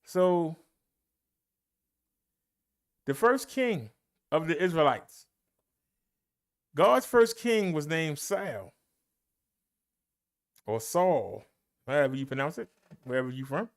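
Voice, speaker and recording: A man with a fairly high, animated voice and a clear, resonant tone leads a Bible study as a minister. He preaches emphatically in a folksy style, addressing his listeners directly. His delivery is slow and forceful, with long pauses and swooping emphasis.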